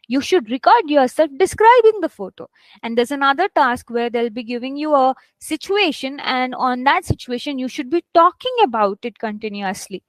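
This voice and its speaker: Woman instructor, high voice, dry close sound, coaxing, reads sentences slowly with stress. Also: dry recording, rough recording. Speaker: English test instructor. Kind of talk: live online class teaching.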